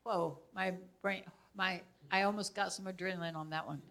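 An older woman teaching in a casual way, telling personal stories in an animated manner and laughing often. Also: on the low side, normal speed, creaky, a crowd in the background.

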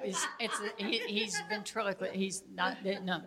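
An older woman teaching in a casual way, telling personal stories in an animated manner and laughing often. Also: medium pitch, a little slow, hardly any pauses, a crowd in the background.

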